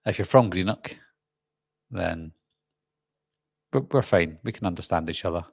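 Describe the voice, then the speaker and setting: Low-voiced Glaswegian man, chatty host. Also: a little slow, gravelly, breathy edge, no room sound, studio quality. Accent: Glaswegian Scottish. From Scotland. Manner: chatty, reads out viewer comments and answers them. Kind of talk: casual live-stream Q&A.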